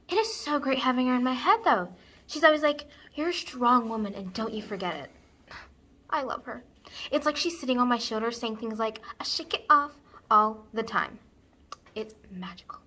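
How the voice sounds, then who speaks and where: A woman's voice: a little high, pushed and bright. A young woman acting a giddy teenage girl in a stage monologue, bubbly and full of valley-girl fillers. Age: young adult. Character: giddy teen girl obsessed with a pop-star voice. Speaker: student actor.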